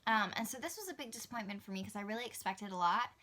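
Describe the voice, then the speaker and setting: A young woman talks to camera in a bright, clear voice. She chats casually and gushes with enthusiasm, laughing easily as she goes. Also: medium pitch, animated, racing. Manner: chatty, gushing, laughs easily. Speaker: book vlogger. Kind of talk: casual book talk to camera.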